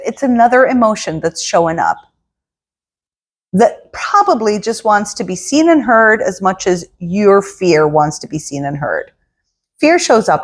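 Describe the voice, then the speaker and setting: A woman talks as a spiritual coach in an unscripted motivational monologue. Her pitch swings widely and expressively, and her voice carries a soft, airy breathiness. She slips into quoted inner voices to act out feelings. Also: very animated, measured pace. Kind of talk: casual motivational talk.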